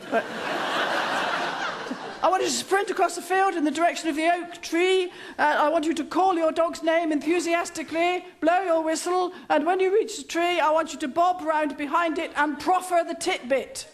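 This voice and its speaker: A woman's voice: very high-pitched, steady tone, voice pushed up. Woman doing a bossy stout dog trainer. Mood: commanding. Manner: brisk, commanding, prim and precise. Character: formidable stout bossy female dog trainer, middle-aged.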